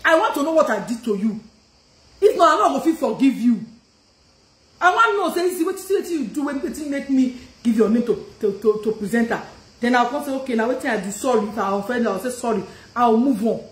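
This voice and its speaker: Fairly high-pitched and fairly quick, this woman's speech has lively intonation, and the recording sounds roomy. She has a Nigerian accent and is mid-rant on a live stream, confrontational, repeating her questions and changing languages mid-sentence.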